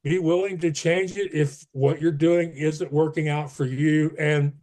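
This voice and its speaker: A man's voice: fairly high pitch, fairly even intonation, unhurried, a little mellow. A man speaking as a podcast guest, earnest and emphatic, pushing up his voice on key advice. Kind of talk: casual interview talk.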